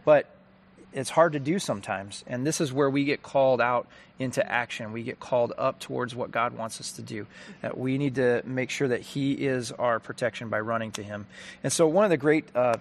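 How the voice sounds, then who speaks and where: A man's voice: mid-range voice, fairly quick, a little hiss or hum. A man giving an earnest, conversational faith talk, telling a story and applying it.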